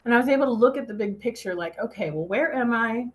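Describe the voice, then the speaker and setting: A woman's voice: on the high side, animated, quick pace. A woman giving a motivational talk, telling a personal story in a chatty way and quoting herself often. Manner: laughs easily. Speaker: speaker.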